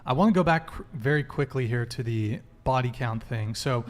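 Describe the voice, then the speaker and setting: A man's voice: mid-range voice, normal speed. A young man from Southern California hosting a casual live-stream chat, laid-back and slangy, reading out donation messages. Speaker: host.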